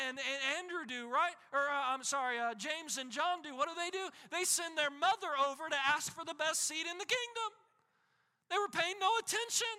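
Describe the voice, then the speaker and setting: A man's voice: very high voice, pushed and bright, big-room sound. A man preaching a sermon as a pastor, impassioned, with emphatic repetition.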